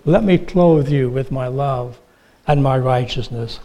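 Man doing god talking soft and slow to a sinner, forgiving. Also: mid-range voice, close to an everyday voice, low-quality recording. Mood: gentle.

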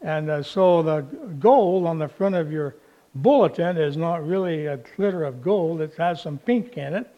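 A male pastor preaching a sermon in an unhurried, folksy way, telling a story with fillers along the way. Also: on the high side, highs cut off.

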